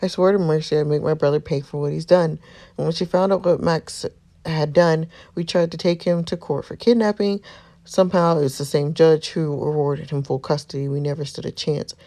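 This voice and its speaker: A woman reading a game's narration as a devoted, protective young man, in an earnest storytelling way with a gravelly texture. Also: deep voice, fairly even intonation, moderate pace, mellow. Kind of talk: reading game narration aloud.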